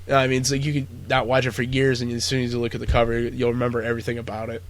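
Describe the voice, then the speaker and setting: A man's voice: medium pitch, monotone, rapid-fire. Rambling, profane male podcast host. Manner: rambling, profane, lots of fillers. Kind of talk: casual chat.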